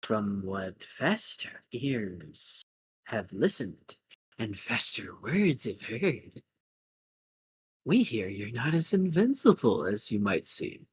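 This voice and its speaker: A man voicing a sly, grinning female rogue in a tabletop game, slow and taunting. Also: lowish voice, big pitch swings, slight background noise.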